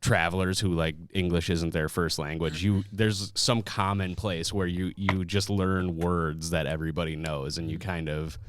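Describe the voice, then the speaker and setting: A man co-hosting a podcast in relaxed, joking casual chat. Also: sits low, normal speed, few pauses, noisy background. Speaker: podcast co-host.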